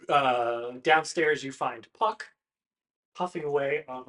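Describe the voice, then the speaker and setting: A man of middle pitch narrates a tabletop game as its game master. He talks casually and loosely, trailing off and restarting his lines with plenty of filler sounds. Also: takes it slowly, fairly bright tone. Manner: casual, hesitant with many fillers.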